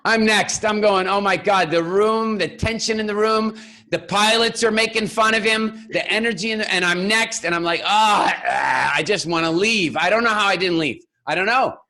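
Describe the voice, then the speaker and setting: A man tells a story from the stage, his voice sitting on the high side for a man. He is animated and acts out the people in his story with quick changes of voice, often laughing along. He sounds like a coach teaching public speaking. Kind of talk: storytelling keynote talk.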